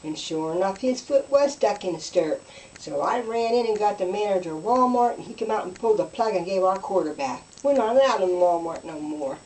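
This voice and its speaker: Woman comic, folksy deadpan storyteller, distant faint-hissy recording. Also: medium pitch, a little fast. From West Virginia. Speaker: comedian. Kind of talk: deadpan hillbilly stand-up routine.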